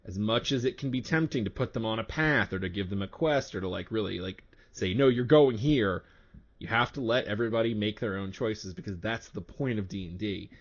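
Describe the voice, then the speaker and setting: A man co-hosting a casual podcast who talks loudly and animatedly, laughing often. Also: on the low side, a little fast, hardly any pauses, highs cut off. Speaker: game master and podcast co-host.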